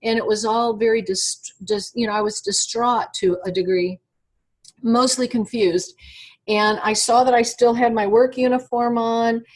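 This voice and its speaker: Animated woman recounting a strange experience. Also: a little high. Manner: animated, halting, many fillers and restarts. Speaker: interview guest. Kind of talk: personal storytelling over a video call. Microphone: internet call.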